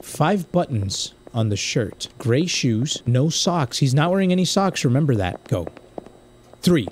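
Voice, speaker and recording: A young man from the United States commenting casually on a game he plays, swinging from quiet muttering to loud outbursts. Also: fairly high pitch, moderate pace, a little hiss or hum. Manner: excitable, swings from muttering to yelling. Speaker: gaming streamer.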